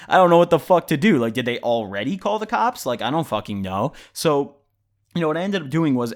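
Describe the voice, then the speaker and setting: A man telling a story for his vlog in a casual, rambling way, full of "like" and swearing. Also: mid-range voice. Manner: rambling, heavy use of "like" and profanity. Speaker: vlogger.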